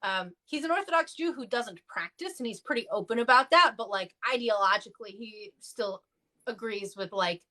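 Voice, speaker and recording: This clergy guest speaks at a normal speed with a bright, forceful tone, keeping things casual in a livestream discussion. Her storytelling is chatty and filler-heavy, and when she quotes people her pitch leaps to play their voices.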